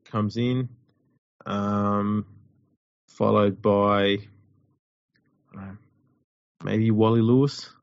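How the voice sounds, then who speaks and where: A man's voice: fairly low pitch, level tone, very slow, vocal fry, pauses often, no echo. A man, co-hosting a sports chat show, rambling and wry. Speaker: podcast co-host. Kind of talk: casual chat. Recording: dull lo-fi audio.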